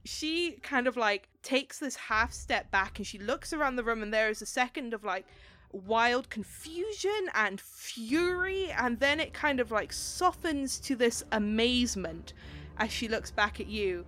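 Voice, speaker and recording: A woman narrating a tabletop game as game master, in a casual, animated way, swearing freely. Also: a little high, measured pace, no room sound.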